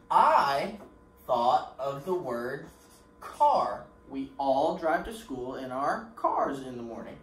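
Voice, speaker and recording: A man teaching a recorded lesson to preschoolers in an encouraging voice. He speaks slowly and leaves pauses for the children to answer. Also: fairly high pitch, fairly bright tone. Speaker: pre-K teacher. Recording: roomy echo with faint background noise.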